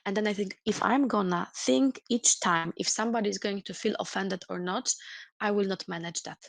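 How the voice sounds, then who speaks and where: A woman's voice: mid-range voice, moderate pace, vocal fry, no room sound. A woman trainer giving a webinar lecture, explaining earnestly and reworking her sentences with "let's say" and "like" as she goes. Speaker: corporate trainer.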